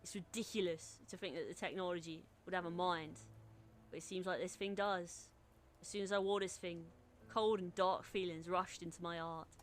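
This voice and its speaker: A woman's voice: fairly low pitch, fairly even intonation, moderate pace, a little hiss or hum, natural voice. A woman reading a streamed game's dialogue as a brooding young man, weary and bitter.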